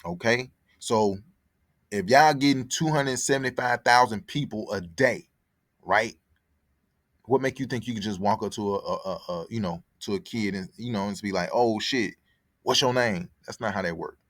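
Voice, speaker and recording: Telling a story at a moderate pace, a Connecticut-born, Atlanta-raised podcast host speaks in a lowish, somewhat bright voice. His talk is loose, profane, and repetitive, recorded dry in studio quality.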